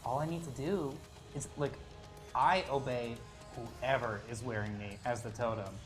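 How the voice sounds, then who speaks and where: A man voicing a sassy, sarcastic male totem necklace in a tabletop game, quiet and drawling, with faint music behind. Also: medium pitch, normal speed, pitched below the performer's own voice, natural voice.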